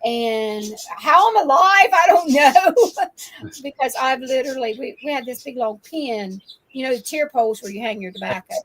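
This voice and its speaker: An older woman, a grandmother, telling lively farm stories in casual chat and laughing often. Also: a little high, normal speed, low-quality recording. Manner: animated storyteller, laughs often. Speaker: guest.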